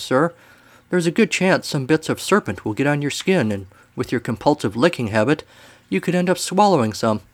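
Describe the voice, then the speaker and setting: A man's voice: a little high, dry recording, pitched above the performer's own voice, lightly acted. A man voicing a polite, fussy pirate first mate who keeps calling his captain sir.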